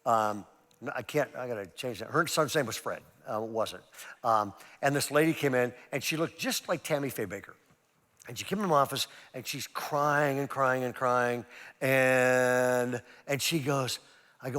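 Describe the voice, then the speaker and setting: A middle-aged pastor preaching to a seminar audience, telling stories with lively jokey asides. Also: male voice, mid-range voice, moderate pace. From California. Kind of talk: sermon at a parenting seminar. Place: large church auditorium. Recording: long reverb of a large church hall.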